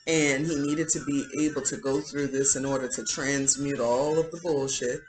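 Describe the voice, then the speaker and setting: A woman's voice: extremely low pitch, steady tone, moderate pace, poor audio. A woman giving a casual spiritual commentary, chatty and indignant, full of "um" and "like". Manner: chatty, filler-heavy, indignant. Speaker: spiritual vlogger.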